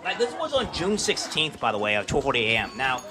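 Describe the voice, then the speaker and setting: A man hosting casual political commentary, talking in a scornful, mocking way with many halting fillers. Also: medium pitch, wildly swooping pitch. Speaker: commentary host.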